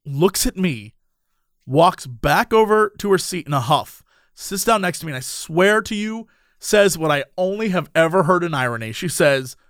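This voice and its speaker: A man's voice: sits high, normal speed, no echo, studio quality. A man animatedly telling a funny anecdote, acting out the people in it. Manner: lively, acts out the people in his story. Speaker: storyteller on a podcast.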